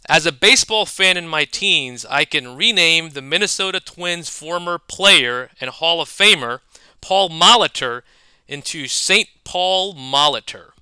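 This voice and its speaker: A man giving scripted explanatory narration, measured and dotted with wordplay asides. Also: a little high, pushed and bright, clear, resonant tone, no echo. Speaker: educator.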